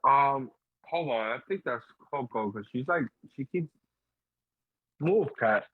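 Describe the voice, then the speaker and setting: Young dude co-hosting, slangy and halting, kinda muffled dry audio. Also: male voice, mid-range voice, expressive, husky, no room sound. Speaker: podcast co-host. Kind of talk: casual chat.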